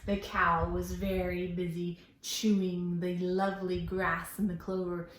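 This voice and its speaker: A woman librarian reading a story aloud to children at storytime, expressive and asking them questions. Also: fairly low pitch, a little slow, hardly any pauses, roomy sound.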